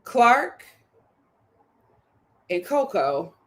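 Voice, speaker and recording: Woman, high voice, very lively pitch, laughing, emphatic repeats, show recap. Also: very slow. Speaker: YouTube reality show recapper. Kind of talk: animated reality TV recap.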